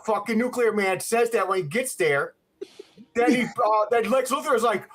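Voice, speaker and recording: Podcast host, male, husky, animated pitch swings, profane heated rant delivery. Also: moderate pace. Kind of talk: ranting movie review.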